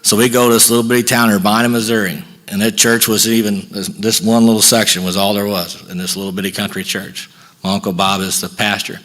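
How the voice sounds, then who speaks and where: A man's voice: on the low side, level tone, a bit bright. Folksy man telling a recovery story. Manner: folksy, acts out dialogue with quick back-and-forth. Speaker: recovery meeting speaker. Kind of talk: personal storytelling talk at a workshop.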